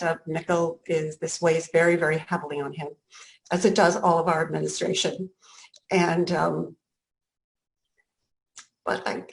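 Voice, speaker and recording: A middle-aged woman leading a school board meeting, speaking in an emotional, halting way with many restarts. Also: fairly low pitch, poor audio. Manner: emotional, halting, near tears.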